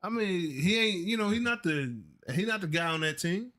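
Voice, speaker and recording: Male sports co-host, emphatic and folksy, lively high voice. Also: moderate pace. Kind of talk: casual sports talk.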